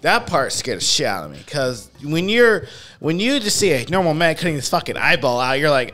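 A man in a casual movie debate who talks in an animated way, swears often and cuts in on the others. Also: on the high side, moderate pace. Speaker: podcast co-host.

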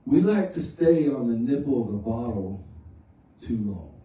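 A pastor preaches in a church sanctuary in a folksy, conversational way, often repeating his phrases. His voice is medium-pitched, expressive, unhurried and warm, heard from far off in an echoey room.

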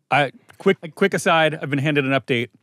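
A man's voice: a little high, a little slow, fairly bright tone, no echo. A man guesting on a podcast, talking in an enthusiastic, rambling way. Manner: enthusiastic, rambling, laughs often. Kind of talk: casual chat.

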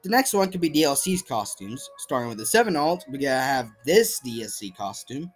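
A man's voice: mid-range voice, sing-song, brisk. A young man giving a casual voice-over about fan-made game movesets, rambling and self-deprecating with many fillers and restarts. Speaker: video creator presenting fan movesets. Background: faint background music.

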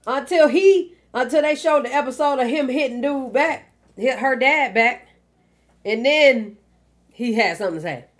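A woman's voice: high-pitched, moderate pace, a bit bright. A woman hosting a reaction video, giving candid, profane commentary with lots of fillers. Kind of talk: casual commentary on a clip.

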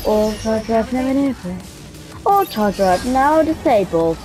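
A woman giving casual gameplay commentary, excitable and self-deprecating, often exclaiming. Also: fairly high pitch, a little slow, soft background music. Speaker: gamer.

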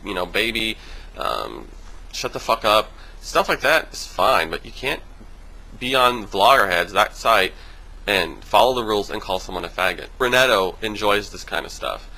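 Guy vlogging a rant, bright edgy voice, swears a lot. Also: moderate pace, vocal fry, rough recording. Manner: animated, mimics others in high voices; swears freely. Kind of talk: casual vlog rant.

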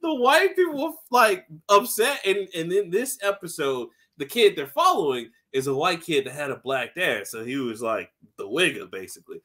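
Male podcast co-host, higher bright voice, animated casual storyteller. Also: moderate pace, hardly any pauses. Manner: animated storyteller, acts out scenes, laughs often, swears. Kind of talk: casual chat, recapping a TV episode.

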